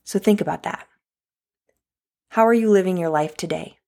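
A woman's voice: on the low side, normal speed, vocal fry, darkish tone. A woman in her thirties talking straight to the listener in an earnest, heartfelt motivational monologue. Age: 30s. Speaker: podcast host.

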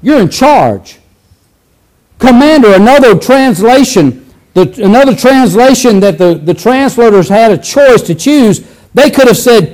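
A male preacher giving a conversational sermon, animated and acting out scenes, with frequent restarts. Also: very high-pitched, a little slow, low-quality recording.

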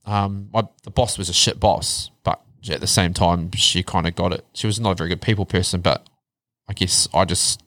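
Thirties New man, low-pitched and candid, swears casually, dry close mic. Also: fairly even intonation, normal speed, few pauses, fairly bright tone, dry recording. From New Zealand. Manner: candid storytelling, swears freely, drops to a low murmur on hard parts. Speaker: guest. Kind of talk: casual chat.

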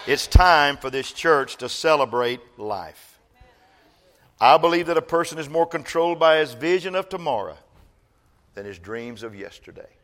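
With a fairly high-pitched voice, the older pastor, himself a grandfather, swings during his sermon from loud urging to gentle, slow-paced storytelling.

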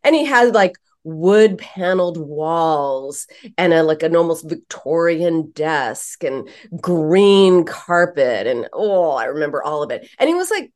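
Woman therapist on a podcast, animated and blunt, tells it straight. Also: deep voice, measured pace. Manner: animated, emphatic, frank. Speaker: psychotherapist. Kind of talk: storytelling in a podcast interview.

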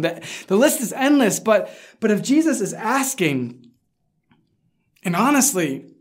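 A pastor preaching in a relaxed, conversational way, more like chatting than lecturing. The delivery tells the story plainly and slips into acting out what the people in it say. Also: mid-range voice. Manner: informal storytelling, acts out quoted lines. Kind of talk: conversational sermon.

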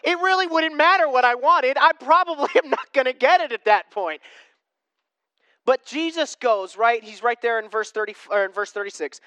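A pastor giving a sermon in a conversational way, asking the congregation questions and swinging between emphatic preaching and hushed tones. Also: medium pitch, expressive, moderate pace, clear, resonant tone, dry recording.

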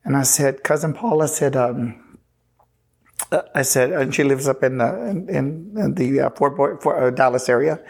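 A pastor from Texas telling his personal testimony in an earnest, halting way, often restarting sentences and retelling conversations. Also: mid-range voice, gravelly, slightly rough. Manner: earnest, halting, with frequent restarts and retold dialogue.

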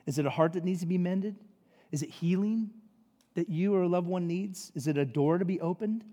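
Man preaching, high voice, animated, conversational asides, long hall reverb. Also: brisk. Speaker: pastor. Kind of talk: sermon. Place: church sanctuary.

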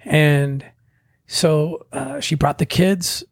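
A man with a slightly high, husky voice tells his story in a loose, conversational way. He acts out the other people's lines as he goes. The sound is close and dry. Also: drawn-out words, no echo. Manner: animated, acts out quoted voices. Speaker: guest telling his story. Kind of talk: casual storytelling.

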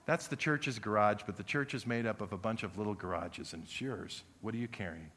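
A male pastor preaching an impassioned sermon, swinging from loud pleading to hushed prayer. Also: lowish voice, lively intonation, a little fast. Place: church sanctuary. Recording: long reverb of a church sanctuary.

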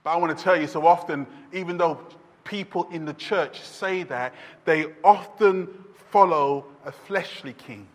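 A man preaching a sermon, swinging from loud shouts down to near-whispers. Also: a little high, measured pace. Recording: long reverb of a hall.

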